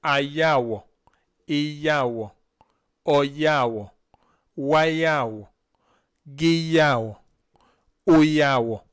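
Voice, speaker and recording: A man's voice: fairly high pitch, drawn-out words, long pauses, clear, resonant tone. A man teaching vocabulary on a live stream, saying each word syllable by syllable and having a learner repeat after him. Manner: drills words syllable by syllable, then has the learner repeat. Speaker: language teacher.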